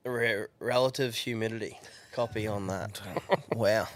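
A man's voice: on the low side, steady tone, measured pace, slight background noise. A man co-hosting a podcast, chatting easily and swearing casually. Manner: easygoing, agreeing, swearing. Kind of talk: casual chat.

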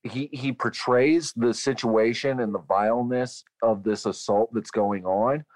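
A man's voice: medium pitch, fairly even intonation, unhurried, darkish tone, no echo. A man co-hosting a casual film discussion, talking bluntly with a lot of swearing. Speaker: podcast co-host.

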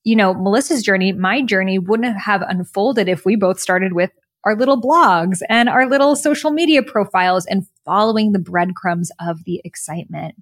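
Earnest, animated woman telling her story. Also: mid-range voice, normal speed, hardly any pauses, dry recording, clean studio sound. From United States. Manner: earnest, animated, spiritual-motivational talk. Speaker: podcast guest, author and coach. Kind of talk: reflective conversational storytelling.

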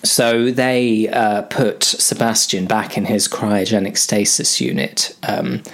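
A man's voice: on the low side, fairly even intonation, slow, fairly bright tone. A man improvising a comic story, rambling and hesitant with lots of ums.

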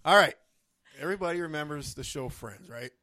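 A man co-hosting a casual podcast, trading deadpan jokes and laughing often. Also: on the high side, brisk, no room sound. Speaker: podcast co-host. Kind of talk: joking casual chat.

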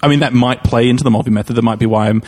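A man in casual podcast chat, talking in a measured, hesitant, dry way. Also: mid-range voice, fairly even intonation, darkish tone. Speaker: podcast co-host.

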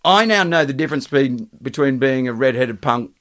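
A man's voice: mid-range voice, fairly quick. A man with an Australian accent, an older comic, chatting casually and joking with lots of swearing. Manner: animated, swearing, jokey. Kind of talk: casual comedic chat.

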